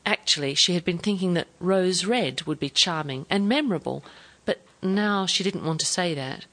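An audiobook narrator, a woman, reads a novel from a script in a calm, steady storytelling style. Her pitch is fairly low and her pace moderate.

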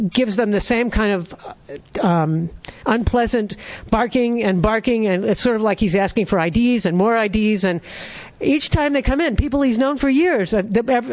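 A man's voice: high voice, a little mellow. A man reading his own humorous story aloud, then chatting about it in a wry, conversational way. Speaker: author.

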